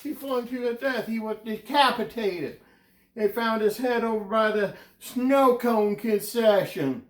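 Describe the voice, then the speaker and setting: A man doing a high, slow rambling Vermonter. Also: roomy sound. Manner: meandering, stumbling over words, deadpan absurd storytelling. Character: rambling grieving man from Vermont, earnest and absurd. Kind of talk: comedic character monologue.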